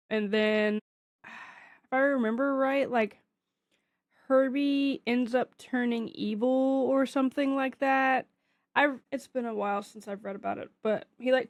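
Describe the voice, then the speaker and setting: A woman's voice: on the high side, no echo, clean studio sound. A young woman co-hosting a casual comics podcast, talking with many fillers and sharing lore. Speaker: podcast co-host. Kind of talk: casual chat about comics.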